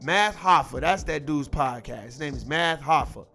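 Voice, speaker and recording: A man's voice: on the high side, normal speed, gravelly, pushed and bright, faint music behind. A man ranting in casual, profane commentary, irritated and repeating himself. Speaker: commentary host.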